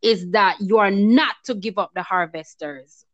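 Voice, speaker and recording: Telling her own story as a guest, a woman recounts an emotional testimony in relaxed talk and replays her past words with feeling. Her mid-range voice keeps a measured pace. The recording is dry, dull, and lo-fi.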